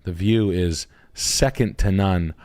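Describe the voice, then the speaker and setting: Excitable, foul-mouthed man hosting a stream. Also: low-pitched, slow. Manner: excitable, heavily profane, jokey riffing. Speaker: realtor and stream host. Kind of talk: casual live-stream chat reviewing house listings.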